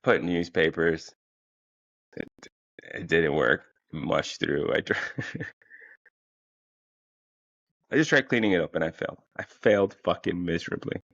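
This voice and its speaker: A man with a very low, gravelly voice rambles through a comic story, swearing freely and stumbling over restarts. He sounds a bit tired. The recording is dull and lo-fi, with a dry, close sound. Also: a little slow, pauses often, a bit bright, no echo. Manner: rambling, profane, many fillers and restarts. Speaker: podcast host.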